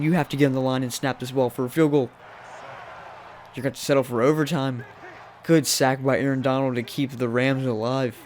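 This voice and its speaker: A young man giving casual play-by-play commentary over a football video game, talking to the teams on screen and jumping high when surprised. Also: slight background noise. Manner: chatty, talks to the teams on screen. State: voice cracking. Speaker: gaming commentator.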